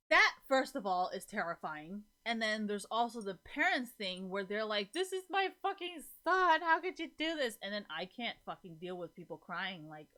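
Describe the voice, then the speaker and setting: A woman's voice: medium pitch, pushed and bright. A young woman streamer chatting casually to her viewers, rambling and swearing a lot, breaking into laughs often.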